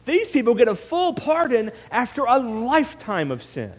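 A man's voice: very high-pitched, huge pitch swings, moderate pace, voice pushed up, heavily acted. A man voicing an angry adult male prophet who complains in a sarcastic, exasperated tone, heard in a reverberant hall.

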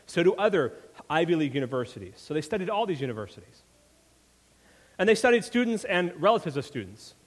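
Brief: male pastor, slightly high, lively, chatty asides, big-room reverb. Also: quick pace. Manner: conversational, frequent "right?" asides. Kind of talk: sermon. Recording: long reverb of a large hall.

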